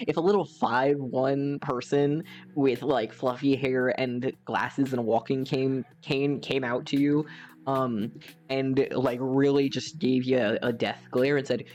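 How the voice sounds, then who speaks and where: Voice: mid-range voice, a little mellow. Chatty young gaming streamer telling a story. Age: young adult. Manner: chatty, rambling, with frequent fillers. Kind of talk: storytelling while playing a game.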